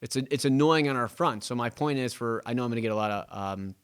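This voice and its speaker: A man's voice: mid-range voice, fast talker, smooth. A young man, a real estate agent hosting a casual, rambling monologue and acting out what his clients say. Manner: rambling, animated, acts out clients' quotes.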